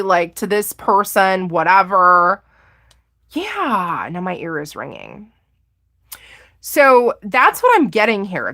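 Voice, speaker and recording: A woman's voice: medium pitch, pushed and bright. A woman giving a casual live tarot reading, chatty and giggly, exclaiming often as she talks. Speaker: tarot reader.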